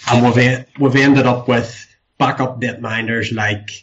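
A man's voice: mid-range voice, steady tone, measured pace, husky, lo-fi sound. A man hosting a podcast panel, asking questions in casual chat and often restarting his phrases.

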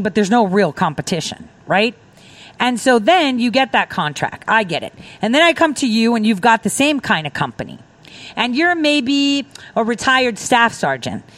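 A woman's voice: medium pitch, very animated, normal speed, no echo. Emphatic woman on dry talk radio. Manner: emphatic, rambling, acts out quoted exchanges. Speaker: guest; defense contractor. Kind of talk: political talk radio conversation.

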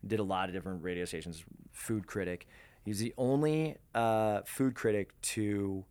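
Low-voiced radio man rambling through a story. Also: normal speed, a little mellow. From Denver, USA. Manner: rambling, lots of fillers and laughs. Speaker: radio DJ and program director, guest. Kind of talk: casual interview storytelling.

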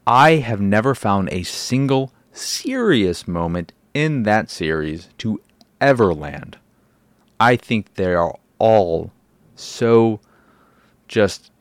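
A man hosts a casual solo podcast in a low voice, talking into a close mic. He rambles, restarts his sentences and swears casually. The sound is dry, with no room in it. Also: creaky, no room sound. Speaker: podcast host.

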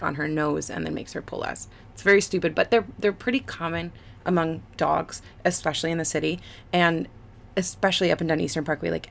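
Low gravelly woman, rambling chat. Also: a little hiss or hum. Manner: rambling, filler-heavy, laughs along. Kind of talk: casual storytelling chat.

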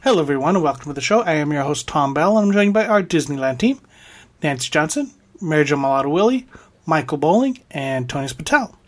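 A man's voice: a little high, lively intonation, quick pace. A man hosting a casual podcast, reading announcements in an upbeat, announcer-like way and chatting with his co-hosts. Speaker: podcast host.

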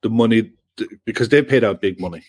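A man on a casual football chat, explaining his points in a measured, steady way. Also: fairly low pitch. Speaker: pundit.

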